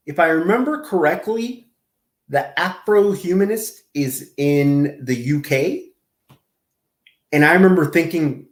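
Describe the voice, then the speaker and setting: A man with a slightly higher voice chats loosely through his commentary, wandering off into stories and laughing at himself. The room around him rings with echo. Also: expressive, unhurried. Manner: rambling, self-deprecating, laughs often. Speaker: commentary channel host. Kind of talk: casual reaction commentary.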